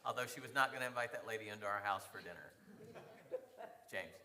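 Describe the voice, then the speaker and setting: A man teaching a church Sunday class, telling a story in an animated way, often laughing and acting out the lines of the people in it. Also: fairly low pitch, fast talker, long reverb tail, a crowd in the background. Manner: animated, laughing, acts out quoted dialogue.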